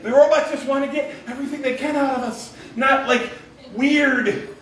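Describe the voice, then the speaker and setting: A man's voice: extremely high pitch, a bit bright. A male comedian doing a stand-up set at a coffee shop open mic, with sarcastic, mock-conspiratorial rants. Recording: echoey room, mic at a distance.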